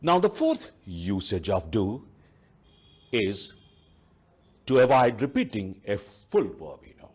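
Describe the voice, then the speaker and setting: A male teacher, giving a deliberate televised grammar lesson and saying "you know" often. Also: lowish voice, huge pitch swings, a little mellow, breathy edge. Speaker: English teacher. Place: TV studio.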